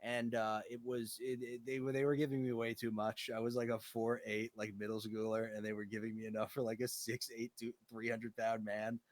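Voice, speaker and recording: A man's voice: mid-range voice, fairly quick, few pauses, dry recording. Profane, rambling young man. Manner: profane, rambling, animated storytelling. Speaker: co-host. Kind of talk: casual chat.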